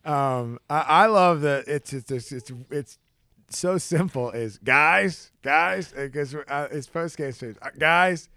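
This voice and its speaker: A man co-hosting a podcast, telling stories in a casual, animated way. He acts out the people he quotes in a high, excited voice and often restarts his sentences. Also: a little slow, clean tone, dry recording, studio quality. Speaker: podcast co-host. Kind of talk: casual storytelling chat.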